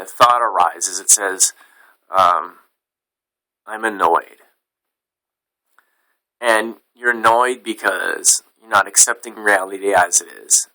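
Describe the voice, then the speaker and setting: A man's voice: fairly low pitch, bright, forceful tone, rough recording. A man teaching as a Buddhist meditation teacher in an informal dharma talk, plain-spoken and frank, with some casual swearing.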